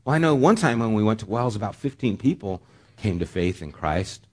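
A man's voice: lowish voice, very animated, fairly quick. A man preaching a sermon as pastor, talking in a conversational way with joking asides.

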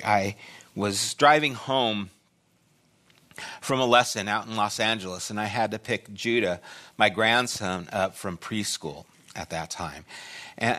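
An older man preaching a sermon as pastor, telling a personal story with loud bursts and quiet asides. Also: lowish voice.

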